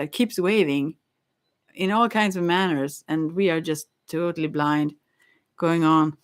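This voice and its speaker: A woman rambling in a casual monologue, musing dreamily, giggling and stammering with frequent restarts. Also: fairly low pitch.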